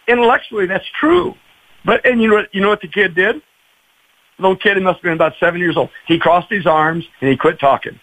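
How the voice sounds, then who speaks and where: A man speaks as a pastor guest on a radio show, telling stories and acting out the quotes. His voice sits high and swings widely in pitch. It has a husky edge. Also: fairly quick, low-quality recording. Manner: animated, acts out quoted voices. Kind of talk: storytelling on a radio talk show.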